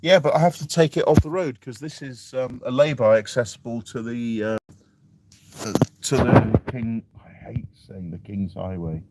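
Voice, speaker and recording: A man's voice: medium pitch, normal speed, noisy background. A man from England, chatting casually on a live stream and reading out viewer comments with self-deprecating chuckles. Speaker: vlogger reading live chat.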